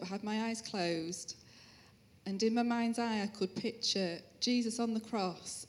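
A woman speaking as an interview guest, sharing her personal faith story and family life in a gentle, sincere way. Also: medium pitch. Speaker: interview guest, musician's wife. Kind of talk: personal testimony.

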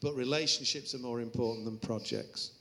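A man's voice: mid-range voice, steady tone, a little fast, heavy background noise. A man, a Christian musician, speaking as an interview guest. He moves from earnest reflection to self-mocking stories told with laughter. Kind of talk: anecdotal interview talk.

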